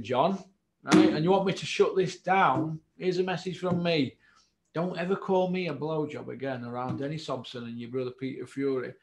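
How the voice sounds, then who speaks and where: A man's voice: on the high side, echoey room, a little hiss or hum. A man with a Yorkshire accent, from Doncaster, hosting a boxing channel and speaking straight to camera in a confrontational, taunting way. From Doncaster, England. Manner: confrontational, taunting, repeats the name he addresses. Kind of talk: direct-to-camera challenge monologue.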